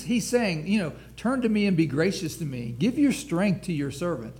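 A man's voice: sits high, sing-song, normal speed, darkish tone. A man pastor preaching a sermon, reading scripture aloud with rising emphasis and frequent restarts.

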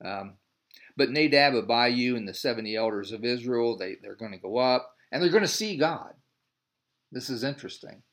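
A man's voice: medium pitch, animated, moderate pace, a bit bright. Male Bible teacher, mid-range voice, reads a passage and then talks it through loosely. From United States. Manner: reads scripture aloud, then explains in a loose, rambling way full of restarts.

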